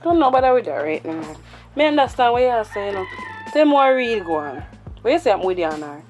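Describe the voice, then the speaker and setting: A woman's voice: a little high, sing-song, quick pace, darkish tone, soft background music. A woman with a Jamaican accent playing a distressed young woman afraid her boyfriend is cheating, speaking in patois with a pleading tone. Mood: worried. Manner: pleading, emotional. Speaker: actor. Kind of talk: Jamaican patois movie acting.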